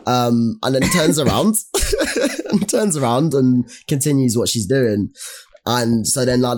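A man's voice: mid-range voice, a little slow. Young man telling a story. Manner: animated storytelling with slang and restarts. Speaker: podcast co-host. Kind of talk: casual chat.

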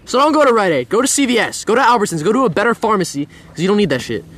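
A teenage boy with a high voice tells a long, heated rant, swearing freely and hammering his points. Faint outdoor noise sits under the talk. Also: sing-song, rapid-fire. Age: teens. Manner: loud ranting storyteller, swears a lot. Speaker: podcast co-host. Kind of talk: casual chat.

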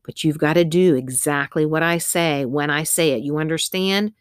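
A woman voicing a mother who is calm and firm with her children in a storybook reading, low and steady. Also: normal speed, clear, resonant tone, dry recording, studio quality, lightly acted. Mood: firm reassurance.

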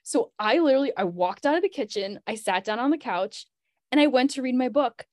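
A woman's voice: high-pitched, expressive, brisk, darkish tone, no room sound, clean studio sound. A young adult woman, a podcast guest, telling a personal story in casual chat, saying "like" often and laughing as she goes.

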